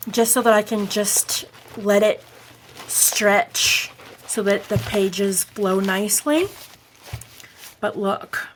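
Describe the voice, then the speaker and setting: In a casual craft tutorial, a woman with a medium-pitched voice chats eagerly, narrating every step she demonstrates. A little hiss or hum sits in the recording.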